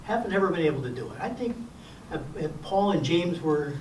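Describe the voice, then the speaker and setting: An older man presenting a Sabbath school lesson in a relaxed lecture style, folksy and wry with gentle humor. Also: on the high side, fairly quick, recorded from a distance, a little hiss or hum. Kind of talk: casual lecture to a class. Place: church classroom. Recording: echoey room recorded from afar.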